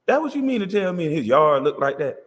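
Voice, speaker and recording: A boastful man rants on a comedic livestream, cursing and laughing as he goes. His voice sits a little high and swings widely in pitch. The room around him rings with long reverb. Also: big pitch swings, brisk. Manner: boastful, profane, laughing often. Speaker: livestream host.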